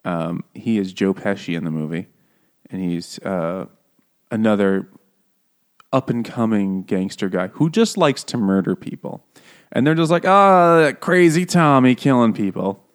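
A man's voice: sits low, measured pace, a little mellow. A man in casual podcast chat, laughing often, swearing and mimicking characters in goofy voices. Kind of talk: casual chat about a book and film.

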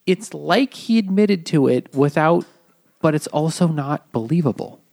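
A man's voice: a little high, lively intonation, unhurried, creaky, darkish tone. A man co-hosting a comedic book podcast, casually and earnestly summarizing and paraphrasing what he read. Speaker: podcast co-host.

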